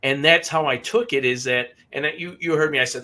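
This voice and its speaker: A man co-hosting a paranormal podcast, telling a personal story in a halting, emotional way and often repeating himself. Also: fairly high pitch, pushed and bright. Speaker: podcast co-host. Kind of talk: casual storytelling.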